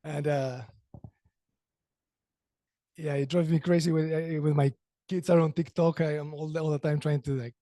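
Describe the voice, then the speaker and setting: A man's voice: fairly high pitch, flat delivery, moderate pace, pauses often, warm tone, no room sound. A man from Peru, giving a hesitant impromptu answer and searching for his words. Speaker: club meeting speaker.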